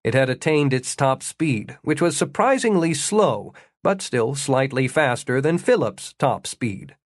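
A man narrating an audiobook in a steady, wry storytelling manner, slowing down for the descriptive passages. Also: medium pitch, dry recording, clean studio sound. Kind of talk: scripted narration.

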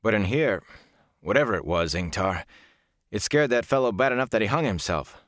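A man's voice: lowish voice, expressive, normal speed, a bit bright, no echo, voice pushed up. Audiobook: earnest, rattled young hero voiced by a male narrator, dry close sound. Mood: shaken. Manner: earnest, rattled, urgent questions. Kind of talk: audiobook character voice.

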